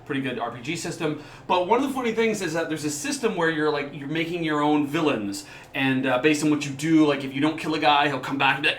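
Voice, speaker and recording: A man's voice: fairly high pitch, fast, fairly bright tone, reverberant, a little hiss or hum. A man co-hosting a casual podcast, talking enthusiastically and rambling between points. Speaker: podcast co-host. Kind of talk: casual chat.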